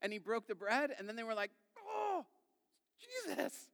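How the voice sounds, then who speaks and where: Pastor guy in his 30s preaching casual-like, kinda high smooth voice, big echoey church hall. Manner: conversational, animated storytelling with quick quoted voices. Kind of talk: sermon. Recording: long reverb of a large hall.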